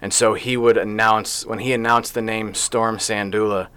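A man's voice: on the low side, level tone, normal speed, bright, forceful tone, smooth. A man co-hosting a local sports podcast in casual chat, rambling and playful as he talks through his picks. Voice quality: chatty, rambling, playful about names. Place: small podcast studio.

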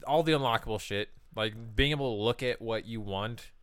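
A man's voice: mid-range voice, brisk, fairly bright tone, smooth, no room sound. A man hosting a casual gaming podcast, laid-back and swearing freely as he runs the discussion. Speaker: podcast host.

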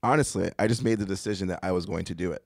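A lowish-voiced man from Boston talks fast and laughs easily as he tells his story. The sound is dry and close, with no room around him. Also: vocal fry, no echo. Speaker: guest, professional wingman. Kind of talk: casual podcast chat.

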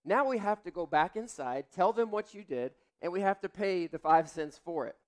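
A man's voice: high-pitched, lively intonation, moderate pace. A man in his forties, a pastor, telling a family story in a sermon and acting out the voices in it.

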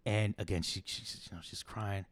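A man's voice: lowish voice, fairly even intonation, brisk, no room sound. A man hosting a podcast, retelling a story in a casual, rambling way, swearing freely and acting out the quotes. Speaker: podcast host.

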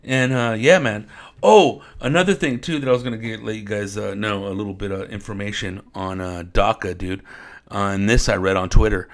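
A man's voice: on the low side, fairly even intonation, a little fast. Laid-back Californian guy saying "dude". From Riverside, California. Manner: laid-back, swears a lot, says "dude" constantly. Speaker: podcast host. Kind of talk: casual storytelling.

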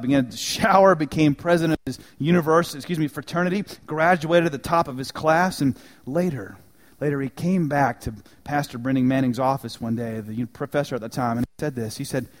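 A man preaching a sermon in a church, telling a story with dramatic swings from loud emphasis to hushed, quiet lines. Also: medium pitch. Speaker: pastor.

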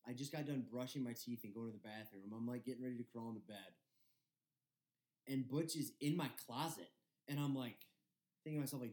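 A man's voice: mid-range voice, a little fast, a little mellow. A young man in his twenties from Michigan, co-hosting a casual podcast and telling a story with lots of laughter and swearing. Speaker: podcast co-host.

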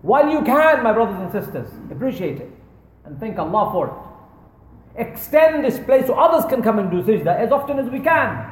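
A man's voice: high voice, big pitch swings, a little fast. A man giving an earnest, storytelling charity appeal in a mosque. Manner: earnest storytelling, addressing brothers and sisters. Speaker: fundraising speaker at a mosque. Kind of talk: sermon-style charity appeal. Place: large echoey prayer hall. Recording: echoey hall with long reverb.

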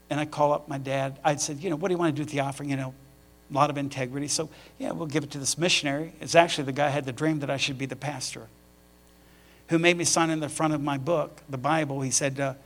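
A middle-aged man, a pastor, preaching a sermon through personal storytelling that rises to animated emphasis. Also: a little high.

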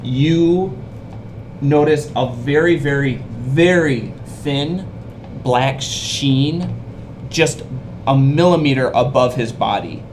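A man acting as game master, narrating a tabletop game in a relaxed, descriptive way. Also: medium pitch, slow pace. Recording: noisy background.

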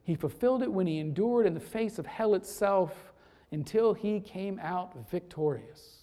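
Woman preacher, storytelling sermon, quiet dips for emphasis, mid-pitched voice. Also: normal speed. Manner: storytelling, drops to a hush for emphasis, then builds up again.

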